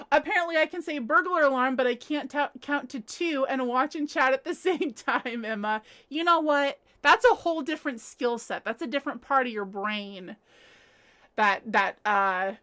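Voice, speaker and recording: Host: woman from the US, high voice, chatty, laughs a lot while reading live chat at home. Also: moderate pace, bright, forceful tone. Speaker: livestream host.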